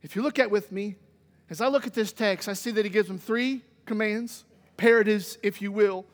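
A man preaching a sermon, moving from loud exclamations to quiet asides and folksy stories. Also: high voice, steady tone, moderate pace. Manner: folksy, humorous anecdotes. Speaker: pastor. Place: church sanctuary. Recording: long church reverb.

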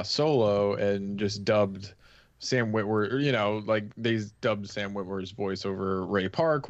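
Male co-host, lowish voice, hedgy and speculative, dry dull mic. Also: dry recording. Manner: speculative, hedging with filler phrases. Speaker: podcast co-host. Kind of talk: casual podcast chat.

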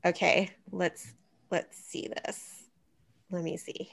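Creaky-voiced woman hosting a chat podcast. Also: on the low side, flat delivery, slow pace. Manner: wry, teasing, thinks aloud while searching. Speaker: podcast host. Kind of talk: casual chat.

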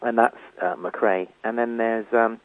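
A man's voice: medium pitch, steady tone, a little slow, no room sound. A man being interviewed as the writer of a comedy, hesitant, with many ums and chuckles. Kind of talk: radio interview. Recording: tinny phone line.

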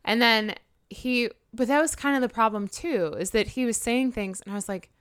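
A woman's voice: a little high, moderate pace, a bit bright, clean tone, no echo, studio quality. A woman co-hosting a podcast, telling a story in casual chat and quoting others. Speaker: podcast co-host.

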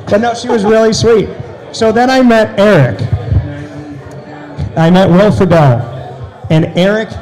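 A man telling an animated story as an interview guest, with loud excited bursts. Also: high-pitched, poor audio.

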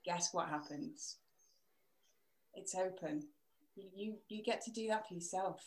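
A woman's voice: on the low side, unhurried. A woman speaking as a podcast guest over a video call, encouraging and laughing easily. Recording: roomy echo.

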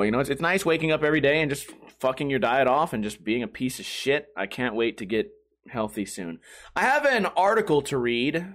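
Animated man riffing crudely on odd news. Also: mid-range voice. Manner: animated, crude, laughs often, mocking asides. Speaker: comedy podcast host. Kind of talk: comedic news commentary.

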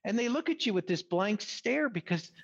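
Husky new york guy, kinda high voice, talks earnest and emphatic, dull lo-fi audio. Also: normal speed. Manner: earnest, emphatic, animated preaching tone. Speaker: guest. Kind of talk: casual podcast conversation.

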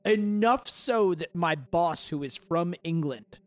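A man co-hosting a casual podcast chat, telling a food story with profane, animated enthusiasm. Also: fairly high pitch, slow pace. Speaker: podcast co-host.

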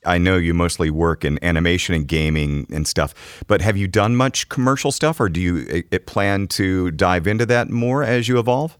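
A man with a deep, low voice asks a guest direct, upbeat questions. The sound is close and dry. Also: normal speed, hardly any pauses, clean tone, dry recording. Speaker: podcast co-host. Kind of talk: interview questions.

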